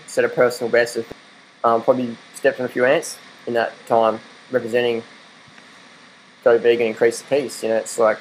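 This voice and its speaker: A man's voice: medium pitch, slight background noise, low-quality recording. A young Australian man in a casual vlog, rambling and laughing as he talks to his dog and argues his point. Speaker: vlogger. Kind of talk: casual rant to camera.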